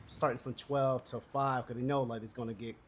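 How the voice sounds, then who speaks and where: A middle-aged man telling stories in casual chat, animated and acting out the quoted voices as he goes. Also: fairly quick, slight background noise. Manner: animated storyteller, acts out quoted voices with high pitch jumps. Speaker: podcast co-host.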